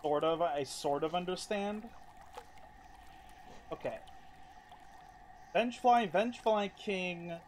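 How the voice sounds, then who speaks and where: A man with a notably high voice streams a game, cursing freely in casual talk. His commentary comes through a desk mic. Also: slow, long pauses, a little hiss or hum. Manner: exasperated, heavy swearing.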